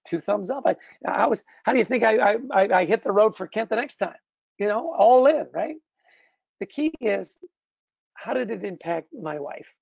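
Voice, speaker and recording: A middle-aged man giving a motivational webinar talk. He tells stories in a lively way and keeps checking in with "right?". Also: high voice, vocal fry, slightly rough, dry recording, muffled recording. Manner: lively storytelling, often asks "right?". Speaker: speaker on leadership.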